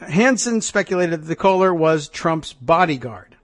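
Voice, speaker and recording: A man's voice: fairly high pitch, expressive, moderate pace, no room sound. A man hosting a radio talk show, reading news aloud with wry, sarcastic asides into a studio microphone.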